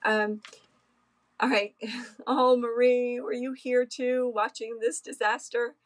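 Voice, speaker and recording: A woman talks to her live-stream viewers in a slow, halting way, full of small pauses and fillers. Her tone is casual and emotional, with soft laughs between her words. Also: fairly high pitch, flat delivery, poor audio. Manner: emotional, hesitant, many ums, soft laughs. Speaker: craft livestream host.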